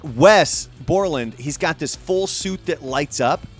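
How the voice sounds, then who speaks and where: A man with a slightly high voice speaks at a slow pace, faint music behind him. He hosts a casual podcast and tells an animated, profane story, swearing a lot and acting out quotes.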